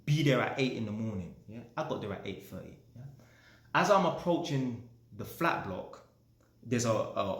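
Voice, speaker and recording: A man's voice: medium pitch, bright, forceful tone, reverberant. A man telling a story casually, swearing often and ending lines with "yeah?". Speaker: vlogger.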